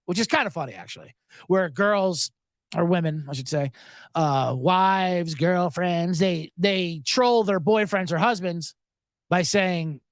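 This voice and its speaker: A man's voice: high voice, unhurried, no room sound. A man hosting a sports betting podcast, ranting sarcastically with profanity and mocking voices. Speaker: podcast host.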